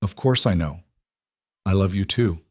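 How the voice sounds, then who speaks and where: A man voicing an eight-year-old girl who talks in a flat, eerily calm voice. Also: low-pitched, a little slow, no echo, clean studio sound. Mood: pleading. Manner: flat, quiet voice.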